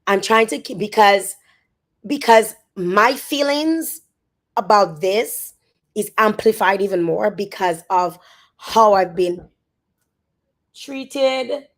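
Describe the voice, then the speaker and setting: A woman with a Dominican accent, talking on a phone live stream. She speaks haltingly and repeats words as she tries to stay composed. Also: mid-range voice, animated. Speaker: social media influencer. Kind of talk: emotional live-stream monologue.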